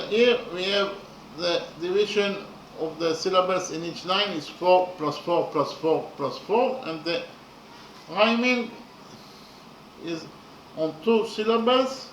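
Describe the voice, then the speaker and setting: Slow, halting man in an echoey room. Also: high voice, a bit bright, far from the mic, a little hiss or hum. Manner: halting, repeats words with many fillers. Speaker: lecturer. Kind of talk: explaining poetry meter.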